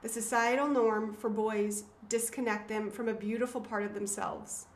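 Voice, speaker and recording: Earnest, higher-voiced woman in an echoey room. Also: fairly even intonation, moderate pace. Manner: earnest, emotional, with frequent fillers and restarts. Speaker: author and host. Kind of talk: casual talk reading from her own book. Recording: roomy echo, faint background noise.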